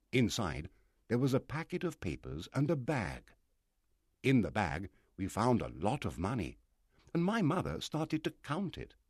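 A man narrating a storybook with a low, husky voice that rises and falls widely as he reads. the sound is dry and close, with no room around it. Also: a little mellow, no room sound. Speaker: audiobook narrator. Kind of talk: storybook reading.

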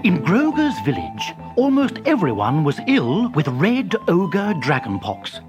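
Children's story reader, unhurried, very lively pitch, music bed underneath. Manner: slow, expressive, animated. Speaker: narrator.

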